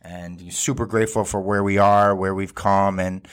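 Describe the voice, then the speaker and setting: A man's voice: low-pitched, little pitch movement, moderate pace, clear, resonant tone. A man hosting a casual interview chat, blunt and swearing freely, repeating his phrases for emphasis. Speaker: host.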